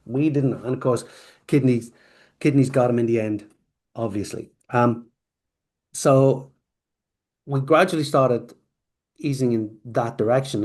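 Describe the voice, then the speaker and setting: A man, a company founder, telling a long rambling story as a podcast guest, acting out snippets of dialogue along the way. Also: medium pitch. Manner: rambling, animated, acts out quoted dialogue. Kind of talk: storytelling interview answer.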